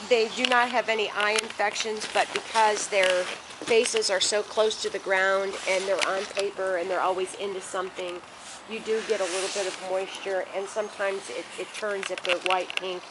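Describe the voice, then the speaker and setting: Dog breeder cooing in a noisy home video. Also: female voice, mid-range voice, fairly even intonation, normal speed. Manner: coos to the dogs in soft baby talk. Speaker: dog breeder showing her puppies. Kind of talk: casual home video narration. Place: puppy play area. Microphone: handheld home video camera held by someone else.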